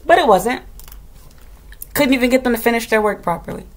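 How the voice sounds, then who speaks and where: A woman, a substitute teacher, telling a story to the camera as a casual rant, blunt and full of slang and swearing, getting loud as she recalls scolding. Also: fairly high pitch, brisk. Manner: animated, gets loud when retelling scolding.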